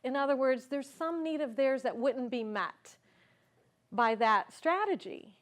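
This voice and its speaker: A woman's voice: sits high, lively intonation, unhurried. A woman speaking at a conference, telling a personal story in an earnest, reflective way and asking the audience questions. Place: conference stage.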